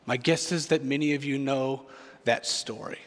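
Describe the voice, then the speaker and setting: A man's voice: mid-range voice, steady tone, normal speed, big-room sound. A man preaching a sermon as a pastor, reflective and earnest, repeating key phrases for weight.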